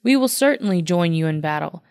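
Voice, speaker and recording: A woman's voice: on the low side, lively intonation, brisk, a little mellow, smooth, dry recording, studio quality. A woman voicing Jehoshaphat, an earnest and devout male king, in a Bible reading with light emphasis.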